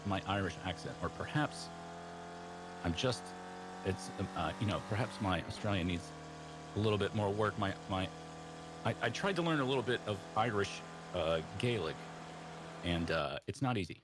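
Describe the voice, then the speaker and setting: A man's voice: fairly low pitch, expressive, moderate pace, pauses often. A man hosting a live sim racing broadcast, joking and self-deprecating as he introduces the race. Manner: upbeat, jokey, self-deprecating. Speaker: host and race commentator. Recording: music behind the voice. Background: background music and car engine noise.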